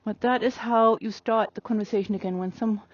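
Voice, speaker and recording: A woman horse trainer explaining her work with a mare in an open outdoor arena, calm and coaxing, with many fillers. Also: medium pitch, fairly quick, dull audio.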